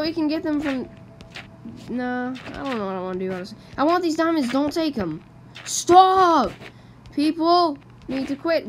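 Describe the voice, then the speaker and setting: A woman giving chatty, excitable commentary while playing a video game, often breaking off mid-sentence. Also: on the high side. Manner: chatty, excitable, self-interrupting. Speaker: gamer, channel host. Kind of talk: casual gaming commentary. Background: loud game music.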